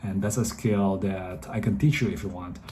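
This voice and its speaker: A man's voice: deep voice, fairly even intonation, normal speed, darkish tone, slight background noise. A man in his thirties with a Filipino English accent, chatting rambly dating advice straight to viewers. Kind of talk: casual advice talk to camera.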